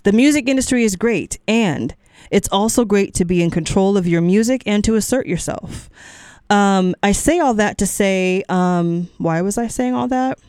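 A woman's voice: mid-range voice, animated, normal speed, a little mellow, clear, resonant tone, no room sound, clean studio sound. A middle-aged woman hosting a radio music show, talking casually between songs in a chatty, encouraging way that sometimes wanders off track. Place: radio studio. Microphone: studio microphone.

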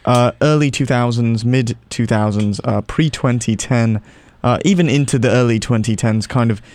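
A man's voice: mid-range voice, normal speed, darkish tone, no echo. A man hosting a college radio show, chatting casually with a wry, sarcastic manner and frequent "uh" fillers.

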